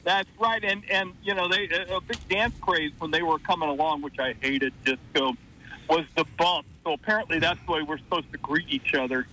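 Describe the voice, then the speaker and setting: A man's voice: on the high side, a little fast, pushed and bright, a little hiss or hum, poor audio. A man with a Southern US accent calling in from his car, friendly and upbeat. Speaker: caller. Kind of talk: call-in chat. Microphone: phone from a car.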